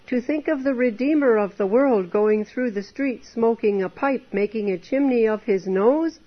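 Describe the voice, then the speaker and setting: A woman's voice: fairly high pitch, moderate pace, few pauses. A woman preaching an earnest temperance sermon, exhorting her listeners with many rhetorical questions. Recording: dull lo-fi recording.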